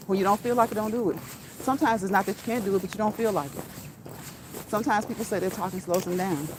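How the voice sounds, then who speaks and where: A woman's voice: medium pitch, noisy background. A middle-aged woman talking casually to her viewers while walking outdoors, laughing often and repeating phrases for emphasis. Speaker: vlogger. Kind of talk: casual walk-and-talk vlog. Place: outdoors on a walk.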